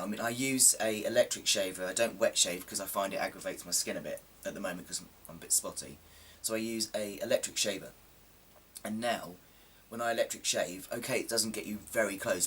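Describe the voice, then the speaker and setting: A man's voice: fairly low pitch, a little fast, fairly bright tone, slightly rough, distant mic. Chatty man, slightly coarse voice. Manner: chatty, rambling, self-deprecating, with frequent ums. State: slightly coarse, sore throat. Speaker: vlogger. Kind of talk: casual chat to camera.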